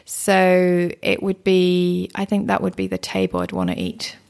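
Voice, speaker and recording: A woman chatting as a guest in an interview, telling stories about food and places in a lively, conversational way. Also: lowish voice, measured pace, clear, resonant tone. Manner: chatty, warm storytelling with laughs. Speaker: guest, cook. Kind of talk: casual interview chat.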